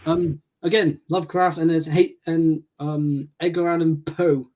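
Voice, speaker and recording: A man's voice: on the high side, flat delivery, unhurried, a little mellow. A man hosting a podcast, chatting casually, laughing often and reading out comments from the chat. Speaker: podcast host.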